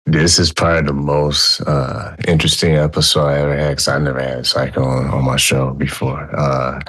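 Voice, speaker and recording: Male interview host; very low, monotone voice; hesitant delivery. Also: breathy edge. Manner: halting, with many "uh" pauses and restarts. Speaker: podcast host.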